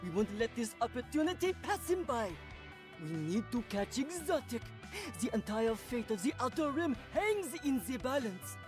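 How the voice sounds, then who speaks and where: A woman's voice: on the high side, big pitch swings, moderate pace. A grave French strongman. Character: strong, polite French man with crushing grip. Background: game music.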